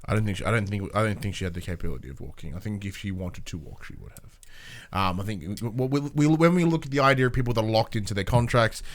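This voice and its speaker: A man co-hosting a casual podcast, talking in a measured way with some hesitant restarts. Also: lowish voice, lively intonation. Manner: measured, reads chat aloud, hesitant restarts. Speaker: podcast co-host.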